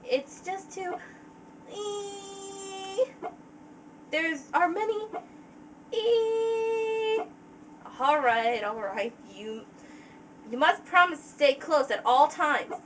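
A woman voicing a kind, sensible young female unicorn, gentle and cautious. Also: sits high, expressive, measured pace, distant mic, background noise.

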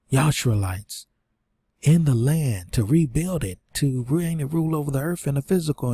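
A man's voice: mid-range voice, mellow, husky. A man teaching and reading scripture aloud in an informal sermon, short of breath, with restarts and asides. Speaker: preacher.

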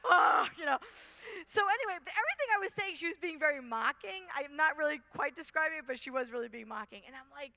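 Bright-voiced woman telling a lively testimony. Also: sits high, fast talker, hardly any pauses. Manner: animated, acts out dialogue with voices. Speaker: conference speaker, youth minister. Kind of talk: storytelling faith testimony.

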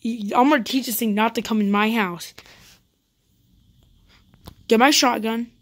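A woman's voice: a little high, steady tone, a little slow. Jumpy woman narrating her gameplay live. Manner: jumpy, talks to viewers, repeats panicked no's. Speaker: YouTuber playing a roleplay game.

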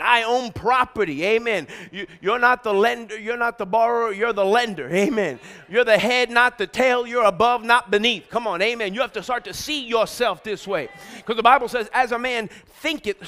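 A middle-aged man preaching a sermon, energetic and exhorting, calling out lines for the congregation to repeat and shouting emphatic points. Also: high-pitched. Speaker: pastor.

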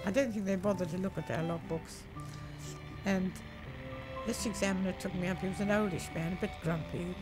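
A woman's voice: on the low side, normal speed, music in the background, low-quality recording. An older woman, a former wartime pilot, recalling stories in a documentary interview, acting out other voices and laughing as she goes. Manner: lively storyteller, acts out voices, laughs often.

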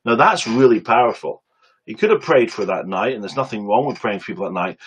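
A man preaching on a webcam stream, telling a story with lively acted-out quotes and quick asides. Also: fairly low pitch, slightly rough, low-quality recording.

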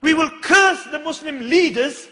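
Male preacher, fiery sermon delivery, sharp high voice in a reverberant hall. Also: a little slow. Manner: impassioned, rising to urgent rhetorical questions.

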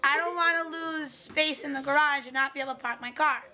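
Family vlogger, woman, high voice, a bit hoarse, chatty and rambling. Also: steady tone, fairly quick, bright, forceful tone. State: slightly hoarse. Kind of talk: casual vlog chat.

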